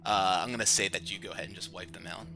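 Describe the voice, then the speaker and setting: A man's voice: deep voice, steady tone, racing, gravelly, sharp tone. A man narrating a tabletop game as game master, talking in a loose, chatty way with many fillers. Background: background music.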